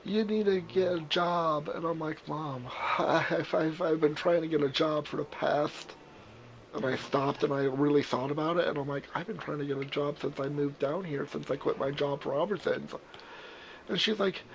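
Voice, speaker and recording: Young male gamer, slightly high voice with gravel, rambling, swears easily; casual vlog chat. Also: slight background noise, poor audio. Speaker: gamer playing survival.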